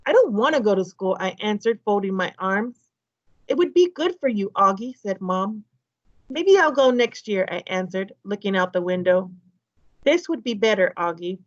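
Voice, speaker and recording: A woman teacher reading a children's novel aloud to her class, lively and voicing each character's dialogue. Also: mid-range voice, normal speed, dry recording, dull audio. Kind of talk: children's book read-aloud.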